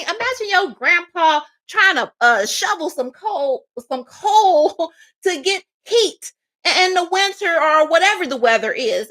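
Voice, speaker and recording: A sassy woman doing a livestream tarot reading. Her voice sits high and bright, with sharp edges. She talks emphatically, full of mocking asides. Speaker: psychic tarot reader.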